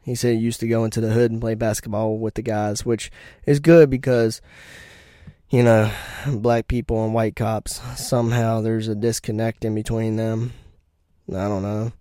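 A man's voice: fairly low pitch, little pitch movement, normal speed, dark tone, no room sound, studio quality. A young man telling personal stories as a podcast host, in a blunt, profane and rambling way. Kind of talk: casual storytelling monologue.

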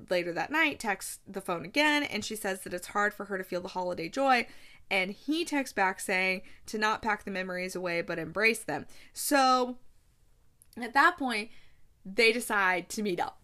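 A chatty woman recaps a movie in a casual, gushing way. She bounces between retelling scenes and playful little asides, with a voice of middling pitch for a woman. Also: bright, forceful tone. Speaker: podcast host reviewing movies.

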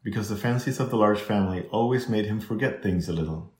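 A man's voice: fairly low pitch, quick pace. A man narrating a children's novel as an audiobook, reading steadily and barely changing his voice for the characters. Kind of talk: scripted narration. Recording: echoey room.

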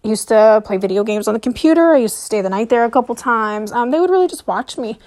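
A woman hosting a podcast, telling a personal story in a hesitant monologue with many pauses and fillers while sounding nervous and short of breath. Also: fairly high pitch, expressive, a little mellow. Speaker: podcast host.

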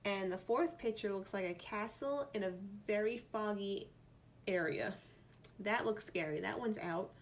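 Woman, New York accent, casual vlog chat, playful, thinking aloud, mid pitch. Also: measured pace, slight background noise. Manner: chatty, playful, reads options aloud and muses. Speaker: vlogger.

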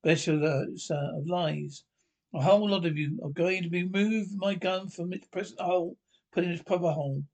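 A man with a British accent in a 1970s British film comedy, trading barked army orders and quick banter. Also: high voice, a little mellow. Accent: British English. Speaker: army officers and sergeant major. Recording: film soundtrack.

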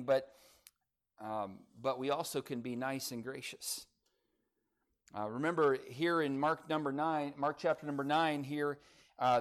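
A man pastor preaching a sermon in a conversational way, full of asides like "look" and "okay?", swinging from loud emphasis to soft remarks. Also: a little high, clear, resonant tone.

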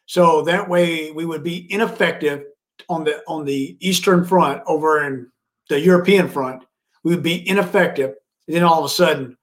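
A man's voice: a little high, a bit bright. A man co-hosting a political podcast, talking bluntly with some mild cursing. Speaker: podcast co-host. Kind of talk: casual political commentary.

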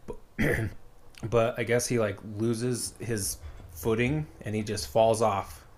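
A man's voice: fairly low pitch, steady tone, slow pace. A man casually retelling a story as a podcast co-host, rambling with lots of fillers.

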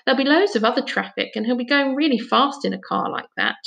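A woman's voice: fairly high pitch, fast, vocal fry, a bit bright, dull audio, voice pushed up. A woman voicing a cautious girl in a storybook reading who raises doubts and objections. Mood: doubtful.

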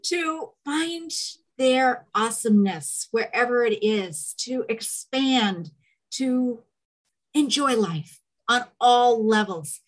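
A woman hosts a podcast and speaks slowly and deliberately. Her voice sits on the higher side, and she heaps enthusiastic praise on her guest. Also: animated. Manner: gushing, enthusiastic introductions. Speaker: podcast host. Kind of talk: casual podcast interview.

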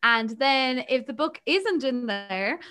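A young Irish woman in a casual podcast chat, her voice high and sharply bright. She jokes and teases through easy banter. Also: lively intonation, slow, smooth. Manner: joking, giggly banter. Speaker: podcast co-host.

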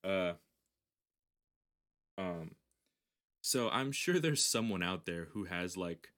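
A man's voice: deep voice, lively intonation, takes it slowly, a bit bright. A man co-hosting a podcast in casual, crude chat, rambling with many restarts and often laughing. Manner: rambling, laughs often, acts out quoted voices. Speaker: podcast co-host.

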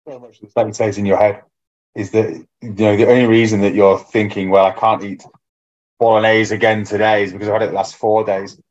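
A man's voice: on the low side, level tone, a little fast, a little mellow. A man, a fitness coach co-hosting a podcast, talking in a reflective, casual way and acting out his own inner voice. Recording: dull lo-fi sound.

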